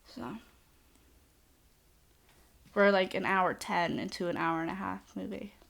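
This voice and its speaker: A woman's voice: medium pitch, steady tone, slow pace, creaky, fairly bright tone. A young woman casually recapping a movie plot in a chatty, sarcastic way, filling her talk with "like". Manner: sarcastic, chatty, says like a lot. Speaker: podcast host.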